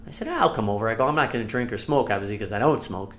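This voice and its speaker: A man's voice: on the low side, racing, slight background noise. A man co-hosting a podcast, telling stories casually with lots of swearing and acted-out quotes. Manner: animated, profane storyteller who acts out quotes. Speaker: podcast co-host. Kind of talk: casual storytelling chat.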